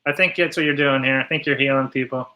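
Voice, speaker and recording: A man's voice: mid-range voice, fairly even intonation, fast talker, pushed and bright, rough recording. A man from San Diego, a guest on a livestream, chatting casually in an easygoing, agreeable and encouraging way. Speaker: stream guest.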